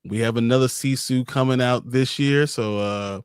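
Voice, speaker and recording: A man's voice: mid-range voice, moderate pace, smooth, dry recording, studio quality. A man hosting a casual show chat in an easygoing way, steering the talk along. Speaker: host.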